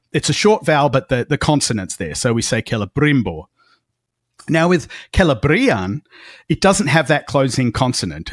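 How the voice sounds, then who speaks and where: A man's voice: mid-range voice, no room sound, clean studio sound. A man co-hosting a podcast, explaining pronunciation carefully like a lecture. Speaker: podcast co-host. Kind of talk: casual podcast chat.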